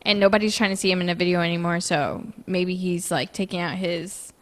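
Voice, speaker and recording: A woman's voice: fairly low pitch, fairly even intonation, fairly quick, fairly bright tone. A woman co-hosting a podcast in casual chat, blunt and outspoken, swearing freely. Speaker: podcast co-host.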